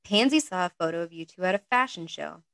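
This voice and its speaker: A woman reading a story aloud and voicing a blunt young man with a slow, deadpan delivery. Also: fairly low pitch, creaky, no room sound. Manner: deadpan and grumbling. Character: blunt young man, a wry house guest.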